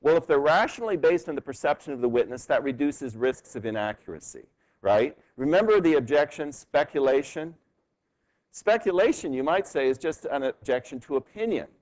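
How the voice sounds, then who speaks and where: Man, law professor, classroom lecture; animated intonation, mid pitch, chatty question-tag delivery. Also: a little fast, poor audio. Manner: conversational, frequent tag "right?", animated rhetorical questions. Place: university lecture hall.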